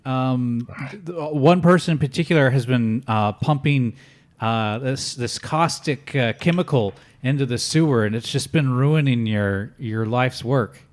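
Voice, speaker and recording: A man narrating an improvised tabletop game as game master, halting and restarting often. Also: mid-range voice. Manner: halting, full of fillers and restarts.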